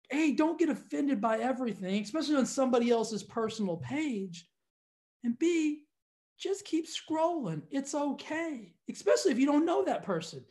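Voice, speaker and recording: A fitness studio owner telling viewers a story in a casual, exasperated rant, talking straight to the camera. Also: male voice, very high-pitched, darkish tone.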